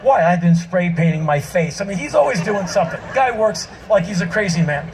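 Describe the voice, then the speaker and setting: A man giving an emphatic spoken-word monologue to a live audience on an outdoor festival stage, his delivery breaking into shouts. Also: sits high, lively intonation, fairly quick, noisy background.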